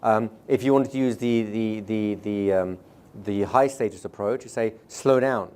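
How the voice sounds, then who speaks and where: A man teaching a live seminar audience. He talks in a brisk, conversational way, checks in with the room often, and sometimes slows right down to show a point. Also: on the low side, steady tone, a little mellow, clean tone. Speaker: seminar trainer.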